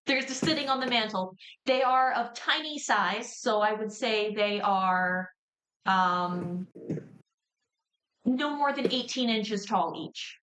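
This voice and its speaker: A woman narrating a tabletop role-playing game as game master, measured and descriptive. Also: mid-range voice, fairly bright tone, low-quality recording.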